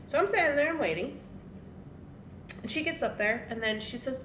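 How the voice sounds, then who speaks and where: A woman's voice: high voice, moderate pace, pauses often, slight background noise. A woman hosting her craft channel, telling a blunt story to viewers in a casual, laughing way, in an echoey room. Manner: animated and blunt, laughing often. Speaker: craft and jewelry channel host. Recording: echoey room with faint ambience.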